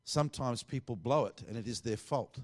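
Preacher telling a story. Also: male voice, medium pitch, fairly quick. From Australia. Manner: conversational, animated storytelling with quoted dialogue. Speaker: pastor. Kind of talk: sermon storytelling.

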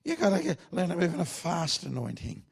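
A man's voice: on the high side, lively intonation, a little fast, gravelly, breathy edge, pitched above the performer's own voice, full character voice. A man doing a blunt old Australian cowboy pastor. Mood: urging.

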